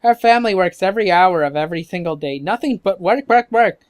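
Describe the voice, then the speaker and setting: A gamer reads game dialogue aloud in a let's-play, voicing a fussy old woman neighbor who loves to gossip. The delivery is gushing and gossipy, with a medium pitch, lively intonation and a fast pace. The tone is clean and close to an everyday voice, with no echo.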